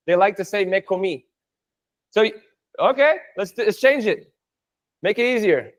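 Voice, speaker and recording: Teaching Spanish live online, a high-pitched man keeps things playful and chatty as he explains jokes and phrases to his students.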